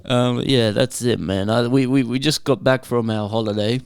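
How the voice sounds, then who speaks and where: A man's voice: mid-range voice, fairly even intonation, normal speed, smooth, dry recording. Young aussie guy on a podcast, chill and sweary, laughs a lot, dry close mic. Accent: Australian. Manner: laid-back, profane storyteller who laughs often. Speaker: podcast panelist. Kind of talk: casual chat.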